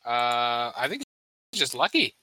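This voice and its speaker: A woman's voice: extremely low pitch, sing-song, measured pace, bright, forceful tone, no room sound, low-quality recording. A woman co-hosting a podcast, talking hesitantly with many fillers as she recaps a TV episode. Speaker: podcast co-host. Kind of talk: casual chat recapping a TV episode.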